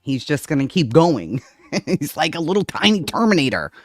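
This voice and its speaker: A man's voice: a little high, very animated, moderate pace, no echo, studio quality. A man hosting his own channel, casually commenting on news footage in an amused, mocking way.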